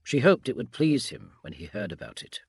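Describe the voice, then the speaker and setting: A man narrates a science fiction audiobook in a calm, measured bedtime manner. His voice is husky yet moves lively through its pitch. The sound is dry and close to the mic. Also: no echo.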